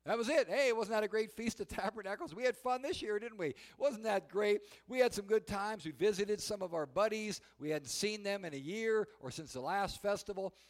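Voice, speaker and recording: A man preaching a sermon, telling the story in an animated way and shouting the quoted cries. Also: high voice, normal speed, few pauses. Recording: long hall reverb.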